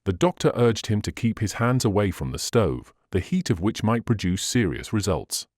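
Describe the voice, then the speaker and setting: A man narrating a classic adventure novel as an audiobook reader, in an expressive, measured way. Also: fairly low pitch, no room sound, studio quality. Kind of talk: scripted narration.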